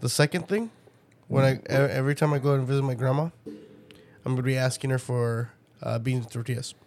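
A man's voice: medium pitch, fairly even intonation, brisk, darkish tone. A young man in casual chat, telling profane family stories and laughing often.

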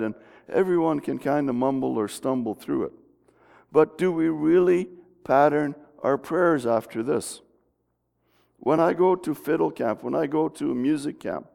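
A middle-aged pastor delivers a folksy, conversational sermon in a church sanctuary and keeps restarting his sentences. His voice sits a little high, with a gravelly, darkish tone. The church hall gives the recording a long reverb.

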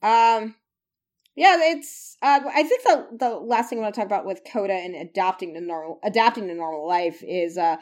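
A woman's voice: mid-range voice, moderate pace, a little mellow. A woman co-hosting a casual podcast chat, rambling with restarts and frequent laughs. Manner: rambling, laughs often, many restarts and fillers. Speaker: podcast co-host.

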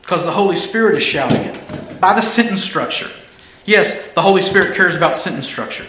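Emphatic high-voiced male preacher, echoey room. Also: expressive, normal speed, pushed and bright, a little hiss or hum. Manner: emphatic, repeating key phrases. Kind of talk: sermon.

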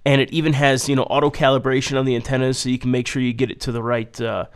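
A man's voice: flat delivery, fast talker, clear, resonant tone. Laid-back man swapping road stories. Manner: loose, rambling storytelling with frequent swearing and fillers; mimics people's voices in a high, singsong pitch when quoting. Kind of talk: casual chat, telling travel stories.

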